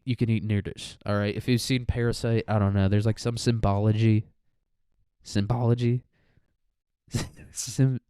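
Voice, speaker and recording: A man's voice: on the low side, mellow, clear, resonant tone, dry recording, clean studio sound. A young man in a casual solo podcast monologue who rambles and swears and laughs often, sounding mentally tired. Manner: rambling, crude, laughs a lot. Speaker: student podcaster.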